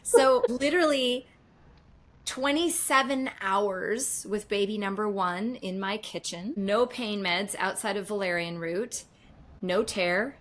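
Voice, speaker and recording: A middle-aged woman speaks in an emphatic, conversational way and hammers home points by repeating phrases. Her voice sits at a middle pitch. She talks like a guest in a relaxed interview. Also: takes it slowly. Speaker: podcast guest.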